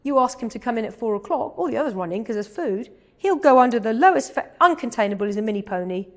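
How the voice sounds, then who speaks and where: A woman from England telling an animated anecdote in a talk, dropping to slow, hushed asides when quoting. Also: a little high. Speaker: animal communicator giving a talk.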